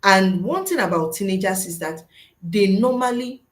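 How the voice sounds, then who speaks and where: A woman's voice: mid-range voice, lively intonation, normal speed, reverberant, rough recording. A middle-aged woman, a school psychologist, giving a webinar lesson to teachers in an earnest, teacherly way and answering her own rhetorical questions.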